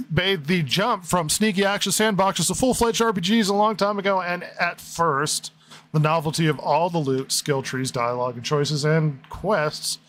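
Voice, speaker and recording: A man's voice: a little high, a bit bright, slight background noise. A man hosting a podcast in casual chat, sarcastic and reading out comments and reviews. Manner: sarcastic, reads listener comments and reviews aloud. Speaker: podcast host.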